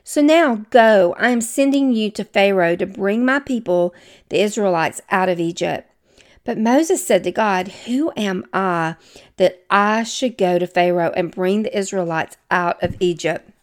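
A Southern-accented woman reads Bible passages and then explains them in a relaxed, conversational teaching style. She talks straight to her listeners with chatty, self-deprecating asides. Her voice sits at a medium pitch for a woman. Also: a little slow. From American South.

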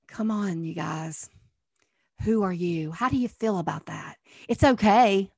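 A middle-aged woman minister giving an earnest teaching sermon, asking many rhetorical questions and swinging from soft to emphatic. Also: mid-range voice, measured pace, breathy edge, dry recording, clean studio sound.

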